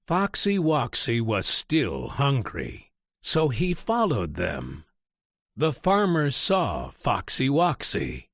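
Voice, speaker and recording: Slow, expressive male storybook narrator. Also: mid-range voice, dry recording, clean studio sound. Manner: expressive, deliberate. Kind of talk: storybook read-aloud narration.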